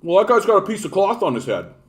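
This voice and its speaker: A man's voice: high-pitched, big pitch swings, fast, voice pushed up. A man putting on the mocking, dull drawl of a dim, suspicious male voter. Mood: puzzled.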